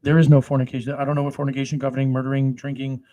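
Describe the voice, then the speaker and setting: A man preaching, who reads scripture slowly and solemnly, then breaks into crude, swearing commentary with loud outbursts. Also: mid-range voice, level tone. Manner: profane, swings between slow solemn reading and loud outbursts.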